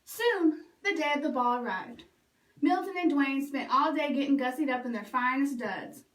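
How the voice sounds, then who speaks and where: A woman librarian reading a picture book aloud for children in a lively, expressive way. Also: high voice, moderate pace, far from the mic. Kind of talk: storytime read-aloud. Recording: roomy echo, away from mic.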